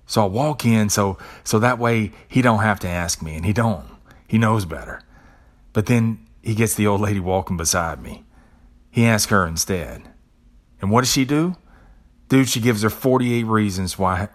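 Low-voiced man telling a casual story. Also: normal speed. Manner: conversational, profane, storytelling; repeats words as he talks. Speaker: podcast host. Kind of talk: casual monologue.

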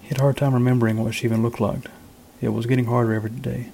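A man, an author, reading his short story aloud in a measured, even manner. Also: medium pitch, creaky, a little hiss or hum, poor audio.

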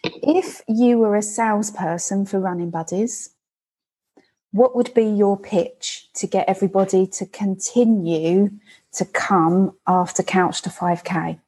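A woman with a medium-pitched, dark, breathy-edged voice speaks in a steady, unhurried tone as she hosts a casual podcast interview. She's a running club organiser, chatty and encouraging, and often addresses listeners directly.

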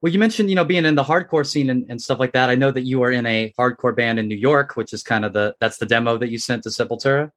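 A man's voice: mid-range voice, fast, hardly any pauses, fairly bright tone. A man interviewing a guest, asking curious and teasing questions in a casual chat.

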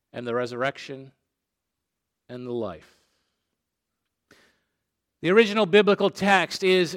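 A man preaching a sermon, slow and emphatic, dropping soft and low on key phrases. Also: clear, resonant tone. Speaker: pastor.

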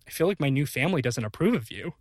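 A man co-hosting an improvised comedy podcast, excitable and rambling, breaking into laughter. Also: medium pitch, very fast, dry recording, studio quality. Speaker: podcast co-host.

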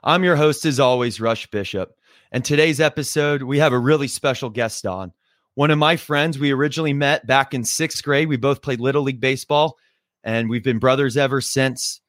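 A man's voice: medium pitch, moderate pace, fairly bright tone, dry recording, studio quality. Upbeat young man hosting a podcast. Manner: friendly, upbeat, many fillers like "you know" and "right". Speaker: podcast host. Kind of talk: casual interview.

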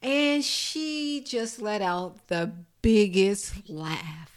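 Expressive woman caregiver telling a story. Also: mid-range voice, drawn-out words. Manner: expressive, lively storyteller who builds to laughter. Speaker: home caregiver. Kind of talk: personal storytelling to an audience.

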